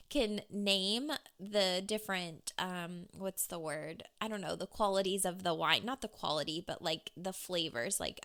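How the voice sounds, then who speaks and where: A woman's voice: mid-range voice, pushed and bright. Bubbly woman chatting on her podcast. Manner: bubbly, gushing, talks straight to listeners. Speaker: podcast host. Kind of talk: casual solo podcast chat.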